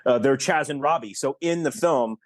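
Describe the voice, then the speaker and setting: A man's voice: medium pitch, normal speed. A man from Canada, a guest actor and filmmaker, telling stories in a casual podcast interview, acting out quoted lines and laughing often. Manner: animated storyteller who acts out quoted lines and laughs often.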